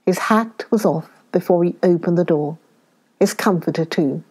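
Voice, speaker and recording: A woman with a British accent reading a classic story aloud, slowing down on key words for emphasis. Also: fairly low pitch, breathy edge. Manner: expressive, slows down for emphasis.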